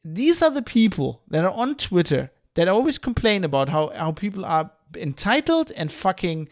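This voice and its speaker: A man's voice: sits high, big pitch swings, moderate pace. A man hosting a podcast livestream, ranting in a heated, profane, rambling way. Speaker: podcast host.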